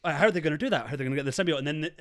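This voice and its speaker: A man co-hosting a game review podcast in casual chat, excitable and acting out his own reactions. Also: on the high side, rapid-fire. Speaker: podcast co-host.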